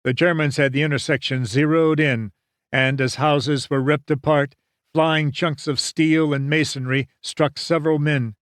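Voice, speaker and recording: A man's voice: a little high, steady tone, a little slow, a bit bright, no room sound. Dry-sounding male audiobook narrator. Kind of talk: scripted narration.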